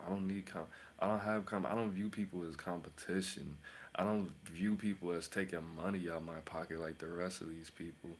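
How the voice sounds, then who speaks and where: A man's voice: low voice, fairly even intonation, fairly quick, a little hiss or hum. A man hosting his own channel as a tarot reader, rambling and boasting in a casual rant, mocking with sudden whispers and outbursts.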